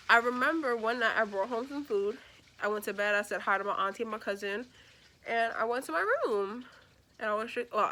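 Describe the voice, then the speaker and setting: A young woman vlogger chatting casually through a storytime as she does her makeup, lively and expressive, acting out the people in her story. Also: fairly high pitch. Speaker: beauty vlogger.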